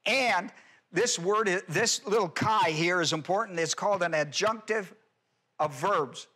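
A man's voice: high voice, sharp tone. A male pastor giving an expository Bible teaching sermon, stressing points with rhetorical questions and explaining Greek grammar.

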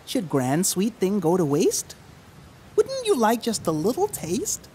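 A man doing a cheerful, earnest young boy from a storybook, pitched up and pleading. The delivery is slow and swings widely in pitch. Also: huge pitch swings, a little mellow, slightly rough, heavily acted.

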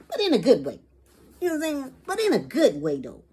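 A woman's voice: high voice, huge pitch swings, brisk, mellow, slightly rough. A woman vlogger giving a rambling, profane opinion rant to camera in casual street slang.

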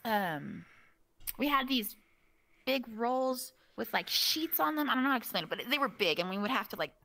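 Bright-voiced young woman rambling, drunk. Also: on the high side, normal speed, creaky. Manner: rambling, lots of "like" and fillers, animated storytelling. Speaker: streamer chatting with a friend. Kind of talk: casual chat.

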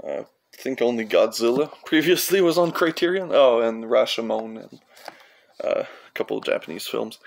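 A man's voice: medium pitch, moderate pace, gravelly. A young man from Canada rambling casually through his film collection, with offhand, profane asides.

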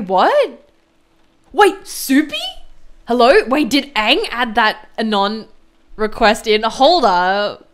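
A woman with a high, bright-toned speaking voice chats casually with her viewers as a streamer. She talks in a giggly, playful way, often breaking into high squeals of surprise. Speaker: music streamer.

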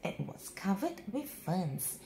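A woman reading a children's bedtime story aloud in an expressive, sing-song way. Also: mid-range voice, slow, vocal fry, reverberant, heavy background noise.

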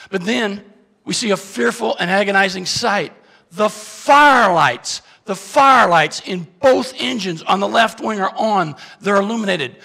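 A man with a high, creaky voice delivers a dramatic keynote story in a large hall. He asks his listeners questions, moving from loud, urgent moments to hushed, confessional ones.

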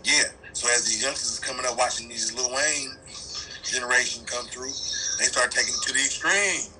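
A man's voice: mid-range voice, brisk, a little hiss or hum, poor audio. A middle-aged man talking on a radio show, swearing freely and laughing often as he tells stories. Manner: animated, profane, storytelling with frequent laughs. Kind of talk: casual radio chat.

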